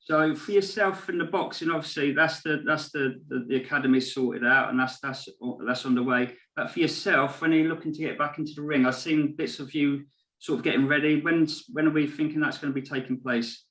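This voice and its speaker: Podcast host in an echoey room. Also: male voice, a little high, fairly even intonation, fairly quick, fairly bright tone. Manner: rambling, hesitant questions with fillers. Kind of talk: casual podcast interview.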